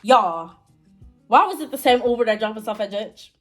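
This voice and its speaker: A woman's voice: moderate pace, faint music behind. A young woman telling a story to her viewers in a casual, chatty way, talking right to them. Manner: chatty, talks straight to viewers; big pitch jumps in excited moments.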